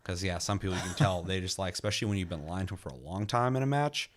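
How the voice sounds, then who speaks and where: A man's voice: sits low, rapid-fire. A man co-hosting a gaming podcast in casual chat, swearing freely and telling stories with energy. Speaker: podcast co-host reviewing games.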